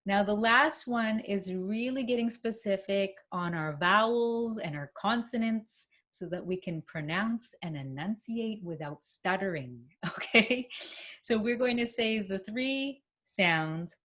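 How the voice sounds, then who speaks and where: Woman workshop presenter, slow unhurried pace, encouraging, demonstrates hums and chants. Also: medium pitch, a bit bright. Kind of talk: instructional workshop talk. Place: home, speaking to camera.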